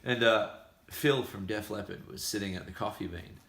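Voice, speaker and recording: An Australian man spinning a lively story in casual chat, slipping into the voices of the people in it. His low voice has a gravelly edge yet sounds bright and forceful. The room around him is echoey. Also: normal speed, slight background noise. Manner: animated storyteller acting out quoted voices. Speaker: musician.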